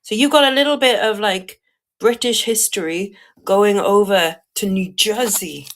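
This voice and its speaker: A woman's voice: mid-range voice, unhurried, a bit bright. A woman from Wales with a Welsh accent, chatting casually while selling jewellery on a live stream and greeting viewers.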